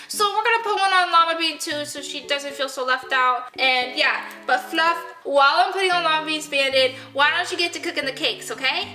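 A woman vlogging playfully with her plush toys, excitable and coaxing, often gasping. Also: high voice, moderate pace, reverberant, soft background music. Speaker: toy vlogger.

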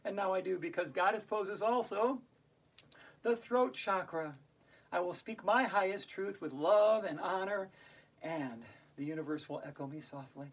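A woman's voice: medium pitch, normal speed, husky. Playful woman leading hula hoop yoga. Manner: playful, laughs out loud on cue; chants rhyming verses in a sing-song. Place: indoors while it snows outside. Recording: voice from a distance off the mic.

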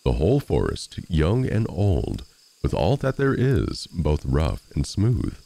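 A man's voice: extremely low pitch, wildly swooping pitch, takes it slowly, creaky, dark tone, exaggerated voice. A man doing a boastful little tailor. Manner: brash, bragging.

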